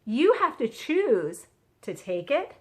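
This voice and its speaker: Chatty woman with a bright, high voice. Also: sing-song, slow pace. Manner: chatty, earnest, acts out quotes. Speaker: vlogger sharing a devotional. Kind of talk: casual Christian encouragement vlog. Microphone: phone on a selfie stick.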